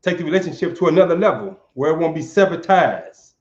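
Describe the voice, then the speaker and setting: A man's voice: on the high side, animated, fast, a little mellow. A man from Saint Louis telling a personal story for a live audience. He speaks earnestly and stumbles over repeated words. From Saint Louis, USA. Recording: roomy, dull lo-fi sound.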